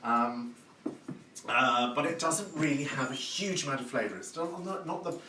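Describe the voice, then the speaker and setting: This man's voice is medium in pitch, with a moderate pace and a pushed, bright quality. He's running a live cooking demo in his home kitchen, gushing, talkative and full of praise. The audio has an echoey room, a far-off mic and noise in the background.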